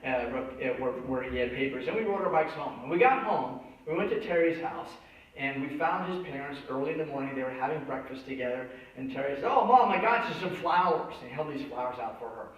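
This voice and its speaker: A man's voice: medium pitch, brisk. A man preaching a sermon, telling a childhood story and acting out the voices in it. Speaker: pastor. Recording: echoey church hall from a distance, dull sound.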